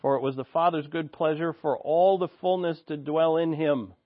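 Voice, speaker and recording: A man's voice: on the high side, steady tone, normal speed, no room sound, phone-quality sound. A man preaching an expository sermon, reading scripture aloud and explaining it in an earnest, teaching way, thinking aloud with restarts.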